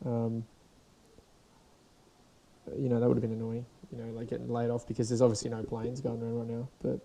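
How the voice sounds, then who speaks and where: A young Australian man hosts a podcast on his own, ranting casually, swearing, rambling and restarting often, his voice sore and dried out. It is a creaky, mid-range voice with completely flat delivery and a brisk pace, with crowd noise behind it.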